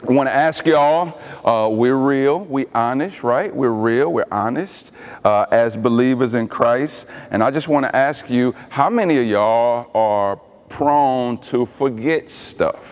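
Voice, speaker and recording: Joking preacher in a reverberant hall. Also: male voice, mid-range voice, measured pace. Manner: casual, joking preaching with call-and-response to the congregation. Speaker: pastor. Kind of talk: sermon. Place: church sanctuary. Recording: long reverb of a large hall.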